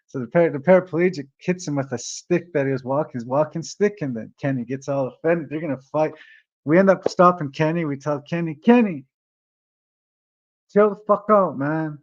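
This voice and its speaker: A man's voice: fairly high pitch, fairly quick, darkish tone. A man telling a story casually, rambling, swearing and tagging lines with "eh?", on a dull lo-fi recording. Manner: rambling, profane, frequent "eh?" tags.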